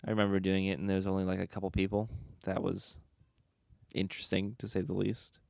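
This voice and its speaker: Gravelly young man rambling on his podcast. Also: deep voice, monotone, a little fast, darkish tone, dry recording. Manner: joking, rambling, self-mocking. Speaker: podcast host. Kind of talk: casual solo podcast chat. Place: bedroom at home. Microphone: podcast microphone.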